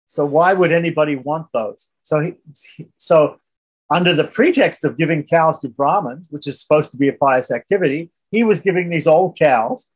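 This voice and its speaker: A man's voice: on the high side, normal speed, breathy edge. A man teaching a scripture class, retelling a story in a conversational way and often checking in with the listeners. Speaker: religious teacher.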